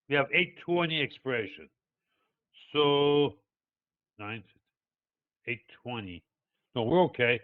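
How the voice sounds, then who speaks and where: In a live webinar, a market analyst, an older man with a non-native English accent, walks traders through a chart. His lively, medium-pitched voice comes through a tinny, phone-like, dry recording. He digresses and hesitates with many "uh" fillers while explaining things one step at a time.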